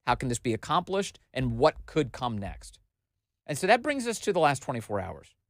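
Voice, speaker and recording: Animated man in a dry studio. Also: medium pitch, normal speed, dry recording. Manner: animated and emphatic, talking straight to the listener. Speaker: host. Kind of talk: political commentary.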